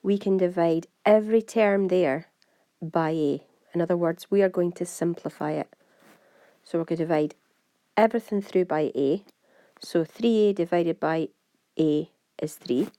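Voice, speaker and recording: Brisk Scottish woman teaching maths. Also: on the low side, mellow, no room sound, studio quality. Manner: brisk, step-by-step, talks to students directly. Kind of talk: exam walkthrough lesson.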